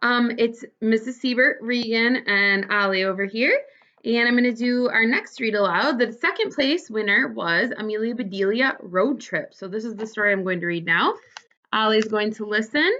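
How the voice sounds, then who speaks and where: A teacher, a woman, reads a storybook aloud to young children. Her voice rises and falls in an animated, expressive way. The recording is dull and lo-fi. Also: fairly high pitch, moderate pace.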